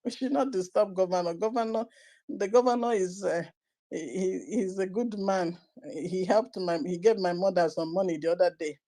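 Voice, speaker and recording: A woman's voice: mid-range voice, normal speed, warm tone, lightly acted. A woman mimicking a timid citizen who stammers while defending the governor. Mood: defensive.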